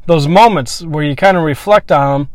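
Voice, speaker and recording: A man telling a personal story in a candid, reflective monologue, swearing freely and pausing to restart his thoughts. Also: fairly high pitch, no echo.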